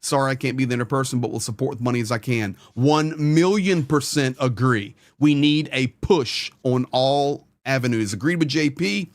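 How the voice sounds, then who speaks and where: A man's voice: medium pitch, moderate pace, few pauses, no room sound. A man hosting a live stream, earnestly rattling off names and donation amounts.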